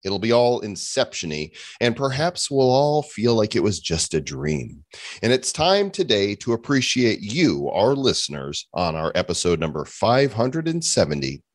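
A man's voice: fairly low pitch, normal speed, dry recording, studio quality. A man hosting a podcast in casual chat, joking and playful as he talks. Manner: playful, jokey, lively delivery. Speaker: podcast host.

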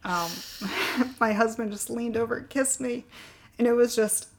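A woman's voice: a little high, steady tone, measured pace, vocal fry. A woman in an interview, candidly telling a long personal story and getting choked up at times. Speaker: guest sharing her fertility story.

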